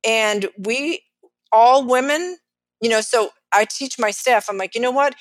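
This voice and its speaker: Animated Texan woman telling a story. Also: fairly high pitch, slow, dry recording. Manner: animated, acts out quotes of others. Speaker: financial advisor. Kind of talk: storytelling in a podcast interview.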